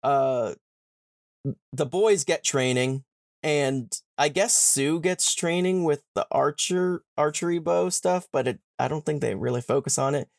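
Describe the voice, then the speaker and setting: This podcaster recaps a novel's plot with irreverent swearing, paraphrasing characters in fast slangy speech. His voice is fairly high, and the studio sound is clean with no echo.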